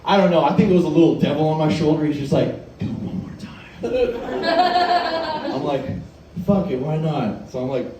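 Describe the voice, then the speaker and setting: A man's voice: a little high, fairly even intonation, fast, roomy sound, recorded from a distance, very noisy. Profane young man telling a story. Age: 20s. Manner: profane, rambling, laughing through the story. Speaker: stand-up comedian. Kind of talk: stand-up storytelling.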